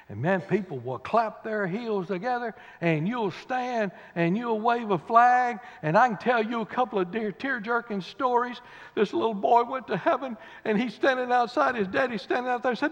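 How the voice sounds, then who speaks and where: Preacher, high animated voice swooping all over, folksy fire-and-brimstone delivery, dull recording with long church reverb. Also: male voice, normal speed. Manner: folksy Southern preacher, swinging from low murmurs to loud cries. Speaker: pastor. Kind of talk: fiery revival sermon. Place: church sanctuary.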